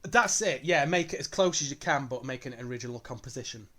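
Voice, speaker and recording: A man's voice: mid-range voice, animated, quick pace, fairly bright tone. A man co-hosting a casual football podcast, easygoing and chatty, laughing readily. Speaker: podcast co-host.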